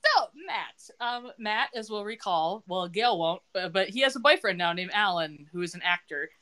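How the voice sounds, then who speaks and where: A woman's voice: mid-range voice, expressive, normal speed, sharp tone. Chatty woman recapping a show. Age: middle-aged. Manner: chatty, retells scenes with quoted lines and laughs. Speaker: podcast host recapping a TV episode. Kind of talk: casual chat.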